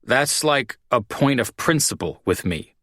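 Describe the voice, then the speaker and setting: A man's voice: medium pitch, expressive, a little slow, fairly bright tone, dry recording, clean studio sound, voice pushed up. A man doing a drunk, mumbling bad-boy bartender. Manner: slurred, mumbling. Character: drunk, self-pitying young male bartender. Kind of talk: audiobook character voice.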